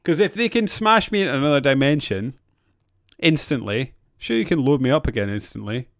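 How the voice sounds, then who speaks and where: A man's voice: medium pitch, animated, fairly quick, fairly bright tone, dry recording, studio quality. A man co-hosting a podcast in casual chat, hesitant, with frequent restarts and laughter. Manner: hesitant, restarts often, laughs between remarks. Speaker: podcast co-host.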